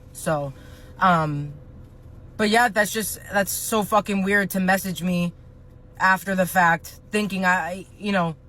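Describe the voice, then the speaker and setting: Bright high-voiced man ranting. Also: poor audio. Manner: exasperated, swears a lot. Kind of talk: casual storytime rant.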